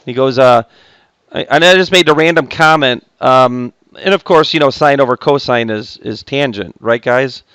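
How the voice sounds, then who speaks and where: A man's voice: mid-range voice, moderate pace, a bit bright, clear, resonant tone, dry recording. A man teaching a math class, chatty and joking with his students between steps. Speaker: high school math teacher. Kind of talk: recorded classroom lesson.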